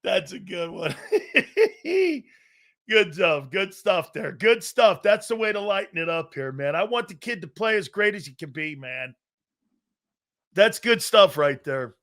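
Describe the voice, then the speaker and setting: A man's voice: high voice, very animated, unhurried, a bit bright. A man hosting a sports talk stream, ranting casually in a brash, profane, teasing way.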